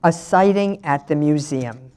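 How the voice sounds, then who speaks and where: An older woman reading a novel aloud in a measured, unhurried way. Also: sits low, dark tone, smooth. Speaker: resident reader.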